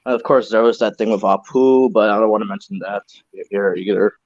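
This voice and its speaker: A man's voice: on the low side, a little fast, dry recording. Chatty young man, dull dry recording. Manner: relaxed, chatty, loose asides. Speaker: co-host. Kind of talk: casual podcast chat.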